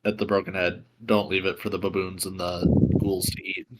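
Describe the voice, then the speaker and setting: Man, tabletop player, casual, laid-back, fairly low voice. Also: level tone, a little fast. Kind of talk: casual tabletop play over voice chat.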